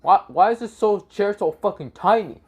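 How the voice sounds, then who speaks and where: A man's voice: fairly high pitch, huge pitch swings, slow pace, slightly rough, pitched above the performer's own voice, full character voice. A man voicing a huge, grumpy talking black bear that complains crudely, in a fan-told story.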